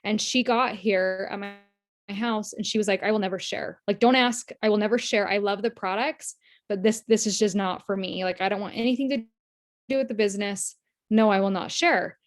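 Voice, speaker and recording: A woman's voice: medium pitch, brisk. A woman team leader giving a casual, earnest motivational talk on a video call, telling stories and acting out quoted lines. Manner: chatty, earnest, storytelling with quoted voices.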